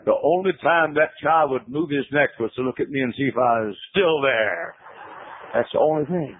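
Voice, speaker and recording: Male preacher, folksy storyteller, husky, heard over thin phone-band radio. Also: normal speed. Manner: folksy storytelling, drops to low hushed tones. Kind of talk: sermon. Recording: tinny phone-like radio broadcast.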